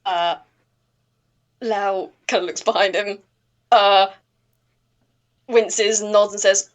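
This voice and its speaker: A woman narrating as game master of a tabletop game, relaxed and full of fillers. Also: medium pitch, slow pace, pauses often.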